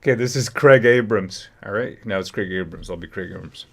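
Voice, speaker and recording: A man's voice: fairly low pitch, fairly quick, a bit bright. A man hosting a political livestream, chatting and reading documents aloud. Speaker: livestream host. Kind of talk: casual livestream commentary.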